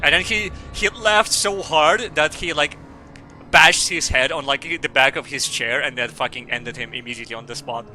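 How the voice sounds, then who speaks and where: A man's voice: fairly high pitch, normal speed, bright, forceful tone, soft background music. A man streaming a game, reading its dialogue aloud and joking crudely, rambling with lots of fillers.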